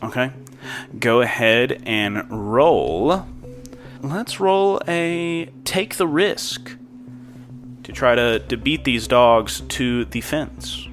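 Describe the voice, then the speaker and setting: A man's voice: mid-range voice, animated, extremely slow, fairly bright tone, faint music behind. A man narrating as game master of a tabletop role-playing game, describing scenes in an easygoing, descriptive way.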